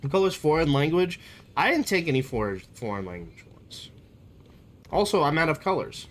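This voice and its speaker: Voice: mid-range voice, sing-song, normal speed, a little hiss or hum. A young adult streamer chatting casually on a live stream, in a rambling, playful way. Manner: rambling, playful, jumps between topics.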